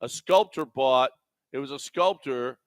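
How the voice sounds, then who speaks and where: A man's voice: mid-range voice, measured pace, no room sound. A man co-hosting a sports radio show in a studio, reading odd news items with wry, teasing banter. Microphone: studio microphone.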